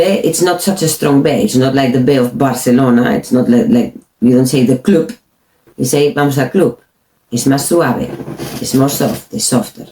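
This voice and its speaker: Slow, mellow-voiced woman teacher. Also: low voice. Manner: slow, careful, repeats each word for learners. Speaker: Spanish teacher. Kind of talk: pronunciation lesson. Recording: echoey room.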